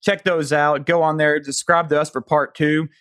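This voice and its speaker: A man's voice: on the high side, flat delivery, normal speed, a bit bright, dry recording, clean studio sound. A man with a Southern US accent hosting a podcast, casually reading listener questions aloud. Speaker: podcast host.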